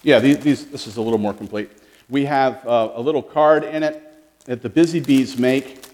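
Animated man giving a children's sermon. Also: medium pitch, moderate pace, in a large hall. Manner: animated, questioning, talks to children. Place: church sanctuary.

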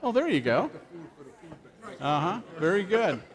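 Male pastor preaching in church, engaging and playful, with a lively, slightly high voice. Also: measured pace, a faint crowd. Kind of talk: sermon.

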